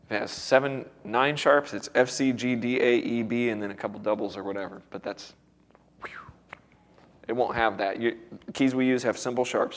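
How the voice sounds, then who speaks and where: A man with a strained, recovering voice, teaching music theory to a seminar class in a casual, chatty way and quizzing the students. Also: mid-range voice.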